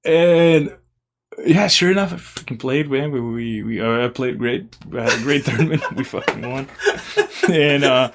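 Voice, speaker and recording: A young man from Serbia with a Serbian accent, casually telling stories as a podcast guest, animated and swearing now and then. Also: mid-range voice, moderate pace, very noisy. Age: young adult. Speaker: podcast guest, former college basketball player. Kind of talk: casual storytelling interview.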